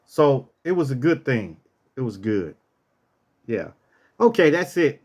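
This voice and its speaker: A man's voice: mid-range voice, very animated, measured pace. A man casually telling a personal story, acting out what people said and repeating phrases for effect.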